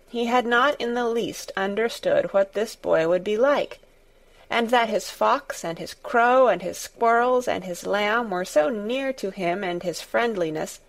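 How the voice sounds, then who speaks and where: A woman narrating a storybook in a measured, gentle storytelling manner. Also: on the high side.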